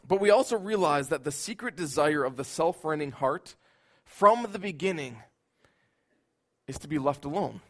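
A man preaching a sermon in an earnest voice, building at times into loud, emphatic outbursts. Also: fairly high pitch, brisk, hardly any pauses.

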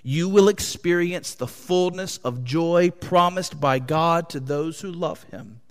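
A pastor preaching a sermon to his congregation, with an impassioned delivery that swings between loud, high emphasis and quiet, low tones. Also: takes it slowly. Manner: impassioned preaching with wide swings in pitch and loudness. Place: church hall. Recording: long hall reverb.

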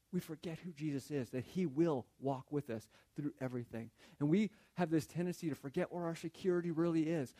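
Man, pastor, sermon, conversational storytelling, repeats words, slightly high pitch. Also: dark tone. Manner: conversational, repeats words while building a point.

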